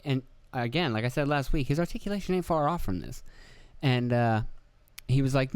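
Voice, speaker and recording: A young man talks through a casual solo podcast in a loose, rambling way, swearing freely and poking fun at himself. His voice sits at an ordinary pitch and sounds close and dry, with no room around it. He slips into quoted voices as he tells stories. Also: animated, fairly quick, smooth, no echo. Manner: rambling, profane, self-deprecating, acts out quotes. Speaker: podcast host. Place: indoor room with video camera.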